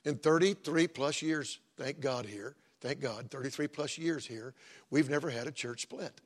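Middle-aged man, pastor, husky, chatty sermon delivery with asides. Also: medium pitch, normal speed. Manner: folksy, conversational preaching with joking asides.

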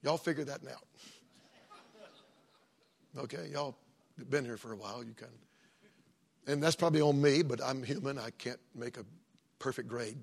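Middle-aged man, pastor, husky, chatty sermon delivery with asides. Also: medium pitch, moderate pace, pauses often. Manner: folksy, conversational preaching with joking asides.

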